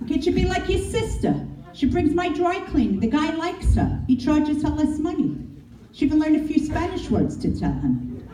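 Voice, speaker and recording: A woman's voice: sits high, sing-song, normal speed, mellow, a little hiss or hum. A middle-aged woman doing a brash, crude stand-up comedy set. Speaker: stand-up comic. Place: comedy club. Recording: echoey club from a distance. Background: audience laughing.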